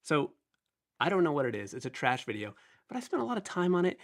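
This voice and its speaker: A man's voice: on the high side, sing-song, fast. A man in his thirties with a slightly nasal voice, hosting a casual live stream, chatty and rambling as he greets viewers. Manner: chatty, rambling, self-deprecating. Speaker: livestream host.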